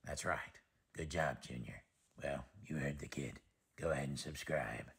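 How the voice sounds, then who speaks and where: A man growling as Wolverine, gruff and very deep. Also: normal speed, a bit bright, full character voice. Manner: growly, curt, tough-guy slang. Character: gruff grown male mutant brawler, blunt.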